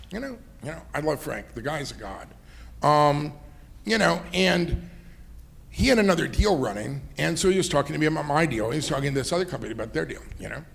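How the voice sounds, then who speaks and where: A man's voice: a little high, animated, a little fast, gravelly, fairly bright tone. A middle-aged man, an entrepreneur and investor, talking in a fireside chat, rambling through anecdotes with many "you know"s and laughs. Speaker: entrepreneur and investor, interview guest.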